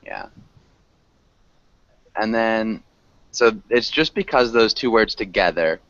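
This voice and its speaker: A man's voice: lowish voice, animated, takes it slowly, fairly bright tone, no room sound, highs cut off. A man teaching an English class online, patiently correcting pronunciation with frequent ums.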